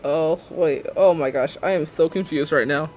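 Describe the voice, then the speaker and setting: A woman's voice: low-pitched, moderate pace, a little mellow. A young woman live-streaming a building game, chatting casually and sarcastically and laughing often.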